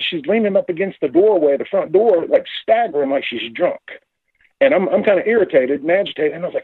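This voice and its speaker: A man calling in to a radio talk show, telling his story in a rambling, halting, excited way. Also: fairly high pitch, breathy edge, dry recording. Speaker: caller. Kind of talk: casual phone-in story. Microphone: phone. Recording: tinny phone line.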